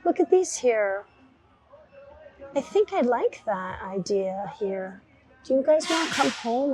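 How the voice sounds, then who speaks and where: A woman with a slightly high, mellow voice who talks slowly and unhurriedly. She chats enthusiastically to her viewers while browsing plants at an indoor garden center, in a relaxed vlog style. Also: poor audio. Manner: chatty and enthusiastic, addressing viewers as "guys". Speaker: gardening vlogger. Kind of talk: casual vlog narration while shopping.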